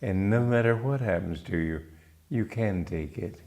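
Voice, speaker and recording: A man from Romania, a spiritual teacher giving a gentle, unhurried reflective talk with small restarts. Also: lowish voice.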